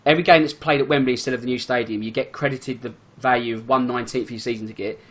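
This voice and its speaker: A football fan guesting on a podcast talks about the sport in a relaxed, casual chat, speaking quickly at a middle pitch. His sentences tumble out full of fillers and restarts.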